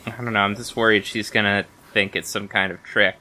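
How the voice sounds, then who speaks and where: A man's voice: lowish voice, flat delivery, brisk, pushed and bright. A man speaking as a player in a tabletop role-playing game, laughing often and hesitating when he speaks in character. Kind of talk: tabletop role-play, joking.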